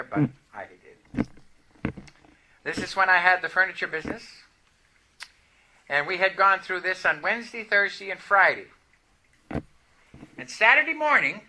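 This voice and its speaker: Animated preacher man, very bright voice. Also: high voice. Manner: animated storytelling, emphatic declarations. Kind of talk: sermon.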